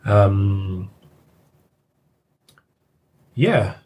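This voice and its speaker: Guest, man, low husky voice, unhurried and rambling. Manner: relaxed, hesitant, many fillers. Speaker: podcast guest. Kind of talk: casual podcast chat.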